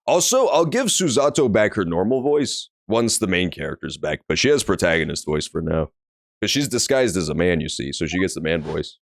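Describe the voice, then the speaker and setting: A man streaming a game, talking excitedly and profanely and mock-scolding his chat. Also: low voice, fairly quick, creaky. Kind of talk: let's play commentary.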